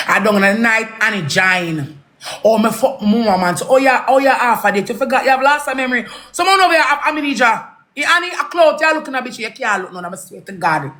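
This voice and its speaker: A woman's voice: on the high side, animated, fast talker, fairly bright tone. A woman with a Jamaican accent, ranting angrily, swearing and repeating herself in a heated live rant. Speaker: social media personality.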